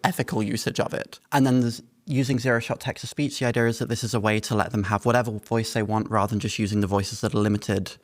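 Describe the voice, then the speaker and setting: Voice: medium pitch, dry recording. A researcher speaks earnestly about their project in a conversational interview, now and then restarting a sentence. The recording is dry and close. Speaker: researcher guest.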